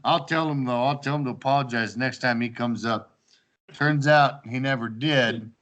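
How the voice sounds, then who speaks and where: Bright-voiced man telling party stories. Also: mid-range voice, normal speed. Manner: animated, acts out quoted lines, laughs often. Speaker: storyteller among old housemates. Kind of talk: casual storytelling chat.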